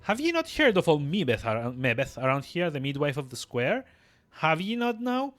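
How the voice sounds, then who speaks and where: A man's voice: fairly high pitch, big pitch swings, normal speed, fairly bright tone, pitched above the performer's own voice. A man voicing a sly, cackling old midwife from a game, in a teasing old-timey dialect. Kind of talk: reading game dialogue aloud.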